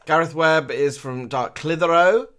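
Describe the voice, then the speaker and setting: A man's voice: on the high side, measured pace, a bit bright. A man co-hosting a live show in casual chat, dropping dry, wry asides.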